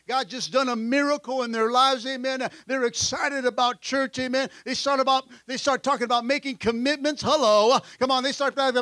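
A pastor in a church sanctuary delivers a lively, energetic sermon in a very high, bright voice, recorded close and dry. He drives points home with frequent calls of "amen" and breaks into the voices of the disciples he describes.

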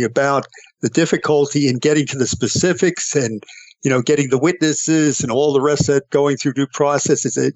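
A man on a political discussion panel, speaking in a measured, deliberate way with drawn-out emphasis. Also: mid-range voice, no room sound. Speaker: panel guest.

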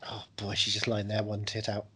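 A man co-hosting a podcast, chatting casually with jokes, swearing and quick impressions. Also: on the low side, monotone, pushed and bright, husky. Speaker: podcast co-host. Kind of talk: casual chat.

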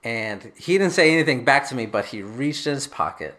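A man's voice: mid-range voice, expressive, a little fast, sharp tone. A man from Texas, a guest author telling a story in a casual chat, wry and self-mocking, often trailing off into laughs.

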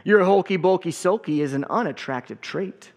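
A blunt octopus read by a man talks straight and steady. A slightly high voice gives him a storybook rhythm. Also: moderate pace, creaky. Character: blunt male octopus with eight arms.

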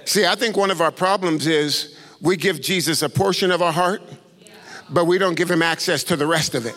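A pastor telling a sermon story in an animated way, often asking his audience if they follow. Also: a little high, moderate pace. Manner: animated, keeps asking "right?". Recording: echoey hall.

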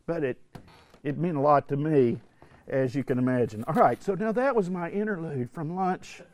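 An older man telling a personal story to a religious retreat group, earnest and halting, often restarting his sentences. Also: a little high, a little mellow. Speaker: retreat speaker. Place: indoor retreat hall.

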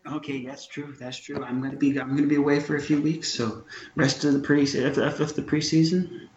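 A man's voice: a little high, little pitch movement, a little fast, a little mellow. A man co-hosting a casual chat show, reading out game schedules with dry jokes. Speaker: podcast co-host. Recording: dull, roomy recording.

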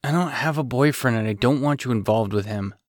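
A man voicing a weary, protective single father who talks in a gentle, low-key way. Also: a little fast, dry recording, clean studio sound, natural voice. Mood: gentle, wry.

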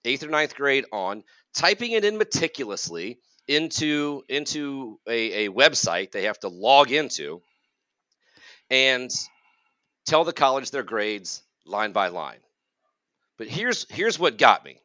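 A man's voice: mid-range voice, sing-song, measured pace, sharp tone, no room sound, muffled recording. A man in his forties, a college counselor co-hosting a podcast, ranting in an exasperated, sarcastic way. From United States. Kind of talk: casual podcast rant.

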